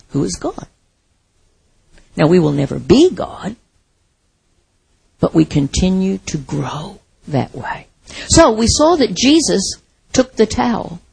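A woman's voice: medium pitch, gravelly, a little mellow, husky, poor audio. A woman preaching a sermon in a reflective, conversational way, asking the congregation rhetorical questions.

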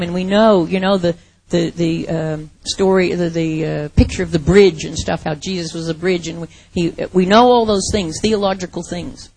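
A woman preaching a sermon, slow and dramatic, swinging from loud to whispered. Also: fairly low pitch, no room sound.

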